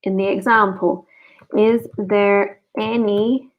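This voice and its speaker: Slow, deliberate woman teaching grammar. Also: mid-range voice. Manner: slow, deliberate, repeats example sentences. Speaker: English teacher. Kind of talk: online grammar lesson. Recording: dull lo-fi recording.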